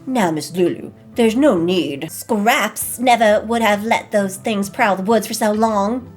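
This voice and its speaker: A woman's voice: mid-range voice, a little slow, slightly rough, soft background music. A woman voicing a smug, placating middle-aged male mayor in a game, talking down in a patronizing way. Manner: patronizing, soothing.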